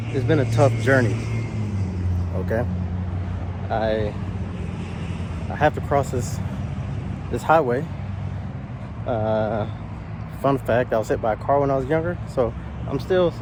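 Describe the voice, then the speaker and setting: Walking outdoors at night, a medium-pitched male vlogger tells a story to his small handheld action camera, chatty and animated while out of breath. Faint traffic noise can be heard in the background.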